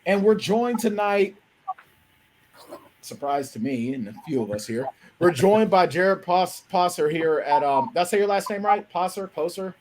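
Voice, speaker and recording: A man hosting a live sports talk show with an energetic, hyped delivery. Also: high voice, normal speed, slight background noise. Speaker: host.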